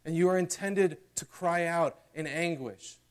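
A man's voice: fairly high pitch, measured pace, clear, resonant tone. A young man preaching a sermon in a casual, earnest way, often checking in with "okay?" and "right?", and reading scripture and mock prayers dramatically.

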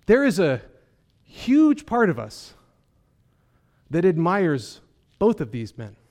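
Slow, earnest male preacher. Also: sits high, wildly swooping pitch, a little mellow. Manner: earnest, emphatic preaching with rhetorical questions. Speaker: pastor. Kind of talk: sermon.

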